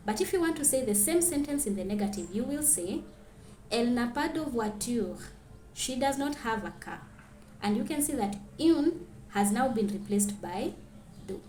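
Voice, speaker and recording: A woman teaching a grammar lesson, clearly reading out French example sentences and then translating them. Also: on the high side, animated, normal speed, mellow, echoey room, a little hiss or hum.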